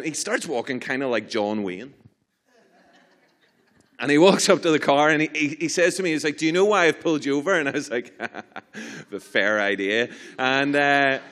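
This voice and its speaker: A young man with a Northern Irish accent gives a sermon. He tells a funny story, mocks himself and acts it out with lively swings of voice before turning to a spiritual point. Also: mid-range voice. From Northern Ireland. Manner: animated, self-mocking storyteller. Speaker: preacher.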